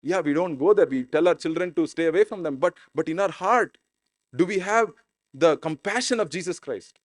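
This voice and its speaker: A man's voice: on the high side, moderate pace, no room sound. A man preaching a sermon as pastor in an informal, conversational way. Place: church.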